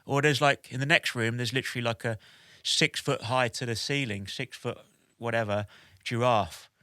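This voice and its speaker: A man in his forties, a guest on a podcast, recounts an anecdote with animated energy. His voice is bright and forceful at a middle pitch, and he leans on "like" and "basically" as he goes. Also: normal speed, dry recording, studio quality. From United Kingdom. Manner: animated, with many "like" and "basically" fillers. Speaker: podcast guest, military veteran. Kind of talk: lively anecdote-telling.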